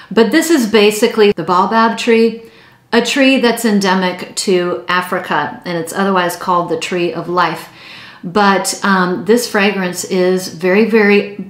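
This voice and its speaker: A woman's voice: lowish voice, echoey room. A woman chatting casually and enthusiastically as she reviews perfumes, with many fillers and repeated words.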